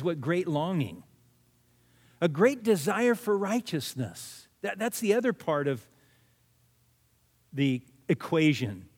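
A man's voice: sits high, in a large hall. A man preaching a sermon as pastor, earnest, repeating key words for emphasis. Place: church sanctuary.

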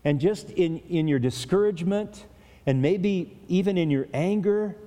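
A man's voice: high voice, unhurried, warm tone. A man preaching an expository sermon in an earnest, conversational way, speaking directly to his listeners. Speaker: pastor. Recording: long hall reverb.

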